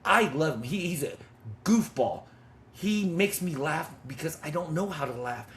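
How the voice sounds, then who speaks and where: A man's voice: fairly high pitch, expressive, moderate pace, a bit bright, slight background noise. A man in his fifties telling a personal story with intensity and blunt, swearing talk, as a men's ministry leader. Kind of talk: testimony in conversation.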